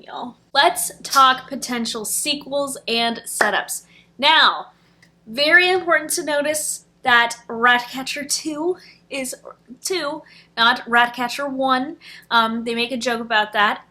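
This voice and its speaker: A woman's voice: high-pitched, sharp tone. A young adult woman reviewing a film in casual chat, gushing and emotional, with many fillers.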